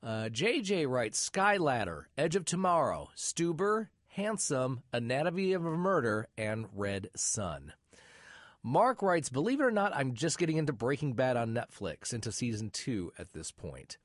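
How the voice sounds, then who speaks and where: A middle-aged man hosts a podcast and reads listener messages aloud, adding wry little asides between them. His pitch swings in a lively way. The recording is dry and close, with no room sound. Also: measured pace, no echo. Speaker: podcast host.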